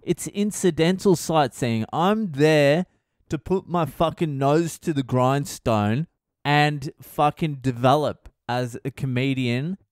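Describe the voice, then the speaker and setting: A man's voice: on the high side, slow, dry recording, studio quality. A middle-aged comedian hosting his own podcast, talking in a sweary, wry, rambling monologue. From Australia. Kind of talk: casual solo podcast monologue.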